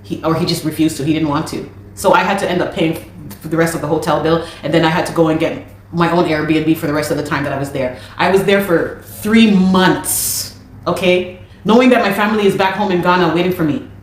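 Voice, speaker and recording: Woman, low voice, exasperated storytelling, stumbling restarts, heavy room echo. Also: a little fast, slight background noise. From Canada. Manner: animated, exasperated retelling with many restarts. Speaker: musician. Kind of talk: personal account of a dispute. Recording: very echoey room.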